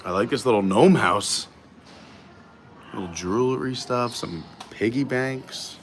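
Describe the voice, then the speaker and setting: A man's voice: medium pitch, unhurried, a little hiss or hum. Chatty man hosting a live stream. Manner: chatty, upbeat, greets viewers. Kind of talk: casual live stream chat. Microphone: gimbal camera.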